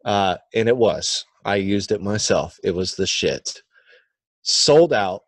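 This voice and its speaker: A man's voice: lowish voice, lively intonation, takes it slowly, no room sound. A young man with a Californian accent, telling a profane, blunt story in casual podcast chat. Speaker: podcast guest.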